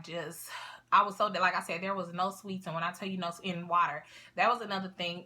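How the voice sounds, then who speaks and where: A woman's voice: lowish voice, pushed and bright. A young woman vlogging casually to camera, chatty and rambling, with a sniffle. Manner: chatty, rambling, lots of fillers and asides.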